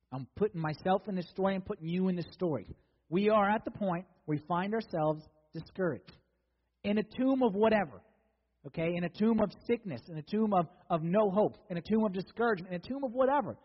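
A male preacher with a high, husky voice delivers a sermon in a loose, conversational way, slipping into the voices of the people in the story. The sound is dull and lo-fi, and a long reverb trails behind him as in a large church hall. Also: fairly quick.

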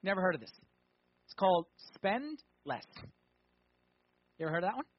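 A high-voiced man preaches in a chatty, questioning way, pressing hard on some lines and dropping low on others. His voice is husky. The recording is dry and slightly dull. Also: sing-song, moderate pace, no room sound. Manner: conversational preaching, rhetorical questions, swings from loud emphasis to quiet. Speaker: pastor. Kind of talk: sermon.

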